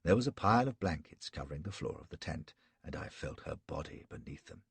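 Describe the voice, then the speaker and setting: A man's voice: sits low, expressive, brisk, creaky, breathy edge, no room sound. A man narrating an audiobook in the first person, in a wry, sardonic storytelling manner.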